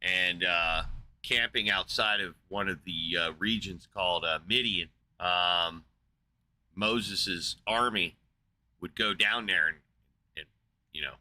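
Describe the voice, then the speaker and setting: Profane, combative man with a bright edge. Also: low-pitched, takes it slowly. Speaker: show host arguing with a caller. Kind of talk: heated live debate, crude retelling.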